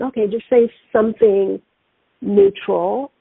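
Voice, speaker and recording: A middle-aged woman talks through a narrow, phone-like line with a dry, close sound. Her voice is a touch high and breathy. She hosts a spiritual talk show and tells stories animatedly. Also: unhurried, no room sound. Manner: animated, acts out quoted voices. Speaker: radio show host.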